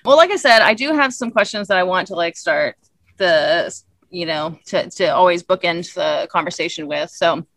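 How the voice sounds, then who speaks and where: A woman hosting a casual interview, chatty and quick to laugh. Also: lowish voice, fairly bright tone, no room sound. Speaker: podcast host.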